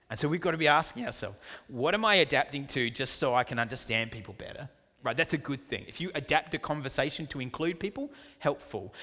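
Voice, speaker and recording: A man preaching a sermon, animated and jokey, with quick asides and acted-out dialogues. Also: mid-range voice, big-room sound. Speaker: pastor.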